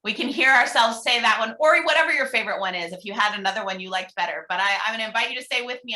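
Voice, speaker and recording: A woman minister leading a guided meditation over a video call, speaking gently and reading each affirmation slowly and deliberately. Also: a little high. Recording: roomy echo.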